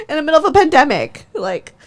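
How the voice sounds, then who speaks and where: Young woman host, higher voice, heated, profane, laughs through her storytelling. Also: sing-song, a little fast, vocal fry. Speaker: podcast host. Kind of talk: casual chat.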